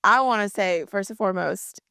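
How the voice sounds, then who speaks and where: A woman's voice: mid-range voice, fairly quick, gravelly, bright, forceful tone, clean tone, dry recording, studio quality. A woman hosting a casual podcast interview, asking questions in an upbeat, playful way. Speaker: podcast host.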